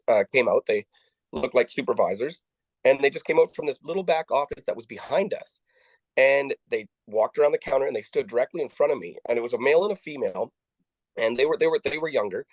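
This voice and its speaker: Man, interview guest; halting, restart-heavy delivery; acts out quoted lines; dry sound. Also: medium pitch, darkish tone, dry recording, low-quality recording. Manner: halting, with frequent restarts and repeated words; acts out the dialogue of people he quotes. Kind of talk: conversational storytelling.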